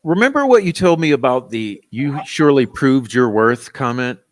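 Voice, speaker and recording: A man's voice: mid-range voice, animated, normal speed. A man hosting a casual talk stream, chatting conversationally and addressing his viewers. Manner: conversational, talks to his chat. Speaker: host. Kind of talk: casual chat.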